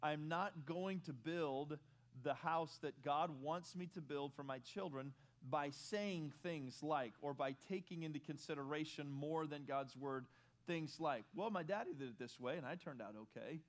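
A middle-aged man preaching to his congregation in a fairly high voice. He starts out chatty and relaxed, then leans hard on key phrases as he builds his points, and leads the room through scripture aloud. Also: unhurried. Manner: conversational preaching, rising to emphatic stress, leads congregation in reading. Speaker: pastor. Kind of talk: sermon.

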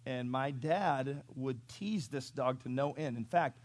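A male pastor preaching a sermon in an animated storytelling way, chuckling and asking the congregation questions. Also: medium pitch, takes it slowly, no echo.

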